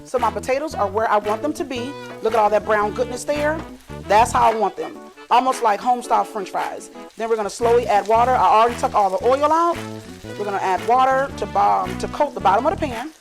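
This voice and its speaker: A woman's voice: a little high, a little fast. A middle-aged woman hosting a casual cooking vlog in her home kitchen, chatty and teasing, talking to viewers as y'all. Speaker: cooking show host. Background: music and family chatter.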